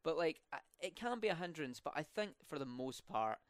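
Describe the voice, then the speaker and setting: A young Scottish man with rolling R's talks casually in a student podcast interview. His voice is smooth and resonant, picked up dry and close with no room sound. He often fills pauses and restarts his sentences. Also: fairly high pitch, animated, no echo. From Scotland. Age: young adult. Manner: rolled R's, many fillers and restarts.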